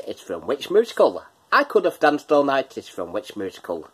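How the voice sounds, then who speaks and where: A man's voice: medium pitch, very animated, normal speed, hardly any pauses, husky. A man hosting a casual quiz from his kitchen, chatty, laughing often and breaking into bits of song. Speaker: quiz host. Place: home kitchen.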